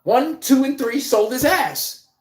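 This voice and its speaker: A man's voice: very high-pitched, animated, slow pace, roomy sound. A man hosting a casual live-stream sports podcast, talking bluntly and animatedly, swearing and laughing as he rants. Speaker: podcast host.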